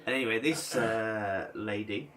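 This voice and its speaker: A man co-hosting a podcast tells a story in casual conversation, animatedly acting out others' lines by mimicking them in a high voice. He speaks unhurriedly, with slight background noise.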